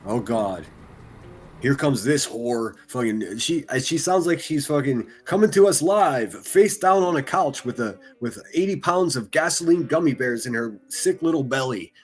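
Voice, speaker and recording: Husky man ranting mockingly. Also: mid-range voice, lively intonation, normal speed, soft background music. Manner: mocking, ranting, heavy swearing. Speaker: reaction streamer. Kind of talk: profane reaction commentary.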